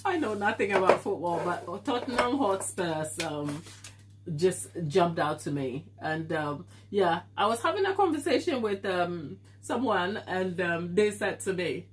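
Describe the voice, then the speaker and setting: A chatty woman baker hosting a live stream from her home kitchen, with a stuffy nose. Her pitch swings widely as she chats, and she laughs easily. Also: animated, unhurried, a little hiss or hum. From Africa. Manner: chatty, laughs often, reads out viewer comments. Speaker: baking channel host on a live stream. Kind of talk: casual live-stream chat with viewers.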